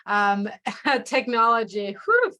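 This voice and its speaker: A woman guest on a video call, talking about her spiritual path in a slow, reflective way, often restarting and trailing off. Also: a little high, big pitch swings, pushed and bright. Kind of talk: casual spiritual conversation.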